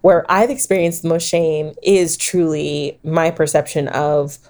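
Author guest, woman in her thirties with a low voice, animated storyteller who acts out what people said. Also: a little slow. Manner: animated storyteller, laughs often, acts out quotes. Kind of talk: conversational interview storytelling.

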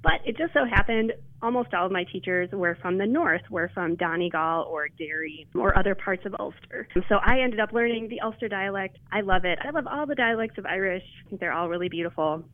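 A woman's voice: mid-range voice, animated, fairly quick, few pauses, no room sound. A woman calls in to a radio interview, telling her story in a chatty, eager way with frequent restarts. Her voice comes through a thin, tinny phone line. The sound is dry, with no room around it. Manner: chatty, enthusiastic, many restarts. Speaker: interview guest, linguist. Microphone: telephone.

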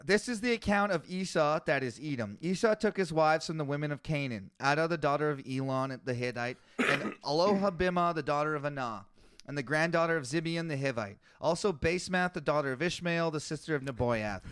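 A man's voice: a little high, a little fast, a bit bright, clean tone, no room sound, clean studio sound. A man co-hosting a podcast, reading scripture aloud in casual chat and growing exasperated at long lists of names, swearing as he goes.

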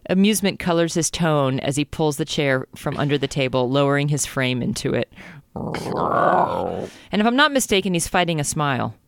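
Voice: medium pitch, brisk, hardly any pauses, clear, resonant tone, dry recording. A podcast co-host reading a romance novel aloud in a casual, comedic way, giggling and stumbling over words.

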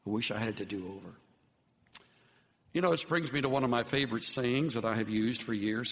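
A male pastor delivering a sermon in an earnest, measured way, his voice sitting at an ordinary middle pitch. He often sinks into soft, low phrases to drive points home. The sound carries a long hall reverb, as in a large church sanctuary. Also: a little hiss or hum. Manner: earnest, dropping to soft low tones for emphasis.

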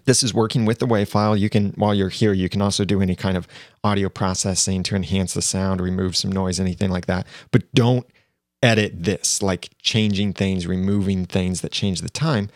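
A man teaching video editing software in a plain, step-by-step way, recorded on a lavalier mic. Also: deep voice, fairly even intonation, a little fast, no room sound, clean studio sound. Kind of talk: screen-recorded software tutorial.

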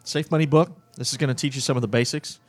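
A man as a guest on a radio show, briskly plugging a free book. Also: medium pitch, fairly even intonation, no echo.

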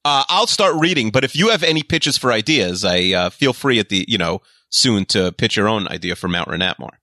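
A man co-hosts a podcast in relaxed, casual chat, eager and quick, often trailing off into asides. His voice is bright and lively in pitch, recorded dry and close. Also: dry recording. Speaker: podcast co-host.

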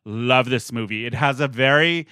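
Bright giggly man hosting a podcast. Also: mid-range voice, moderate pace, clean tone, dry recording, clean studio sound. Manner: giggly, chatty storyteller. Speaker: podcast host. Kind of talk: casual podcast chat.

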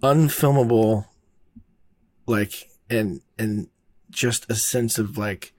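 A filmmaker tells a long behind-the-scenes story in a laid-back, rambling way, heavy on fillers and swearing. His voice is fairly low and darkish, and he takes his time.

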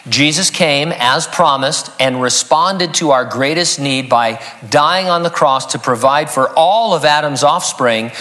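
A man's voice: medium pitch, bright, forceful tone. A man preaching an expository sermon as a pastor, earnest and teaching, reading scripture aloud.

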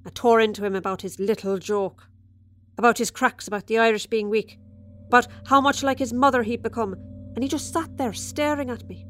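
A woman's voice: on the high side, fairly even intonation, fairly quick, a bit bright, faint music behind, close to an everyday voice. A woman performing a dramatic monologue as a chatty, tipsy Irish widow who confides over dinner, with sudden flashes of resentment. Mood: confiding. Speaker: storyteller.

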